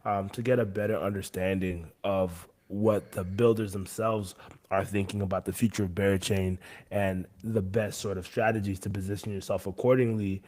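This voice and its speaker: Co-host, male, lowish voice, relaxed and thoughtful, on a video call. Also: moderate pace. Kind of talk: casual chat on a video call.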